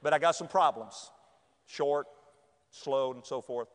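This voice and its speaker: A man from North Carolina, telling a personal story to an audience in a lively way, acting out other people's voices and sometimes shouting. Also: mid-range voice, a little slow, slight background noise. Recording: long hall reverb.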